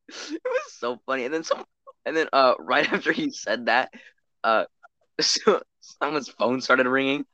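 A man's voice: mid-range voice, huge pitch swings, takes it slowly, pushed and bright, dry recording, muffled recording. A teenage boy co-hosting a casual podcast, rambling, swearing often and restarting his sentences. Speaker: podcast co-host. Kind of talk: casual chat.

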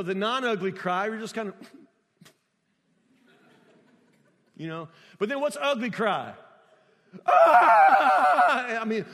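High-voiced preacher in a reverberant hall. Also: male voice. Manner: emphatic, repeats words, rising to near-shouts. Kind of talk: sermon.

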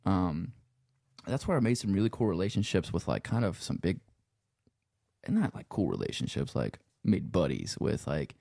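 Low gravelly louisiana dude with a cajun accent, loose casual chat, lots of cussing and "you know", dry close sound. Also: male voice, very animated, moderate pace, warm tone, dry recording. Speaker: guest, sound engineer and musician.

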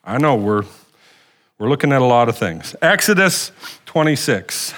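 A man's voice: mid-range voice, moderate pace. A man preaching a sermon, rallying the congregation with questions and calls for amen, often restarting and repeating phrases. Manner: animated preaching with call-and-response to the congregation. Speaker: pastor.

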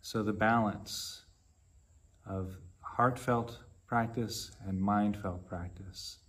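A man with a low-set voice gives a dharma talk as a meditation teacher. He speaks very slowly and in a measured way, letting long pauses fall between short phrases. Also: fairly even intonation, fairly bright tone, husky.

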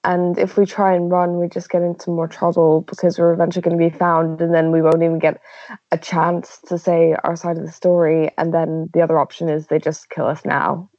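A woman in a tabletop game reasoning earnestly through the options. Her voice sits low, recorded dry with a dull lo-fi sound. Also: monotone, brisk, darkish tone, dry recording. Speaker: player. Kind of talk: casual role-play chat.

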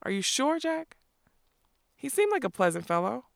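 Pompous, nervous outlaw captain read by a woman, raised pitch, dry close sound. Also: normal speed, vocal fry, a bit bright, clear, resonant tone, no room sound. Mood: uneasy. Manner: lecturing, nervous bluster. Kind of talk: audiobook character voice.

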